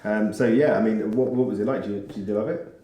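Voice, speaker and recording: Male host, fast-talking, lowish mellow voice, echoey room, lots of "yeah". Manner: brief encouraging backchannels, relaxed. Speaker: podcast host. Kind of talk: interviewing.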